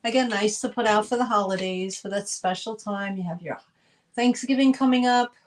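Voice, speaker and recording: A woman's voice: mid-range voice, moderate pace, a little hiss or hum, low-quality recording. A woman hosting a live online sale, chatting as she describes items for auction.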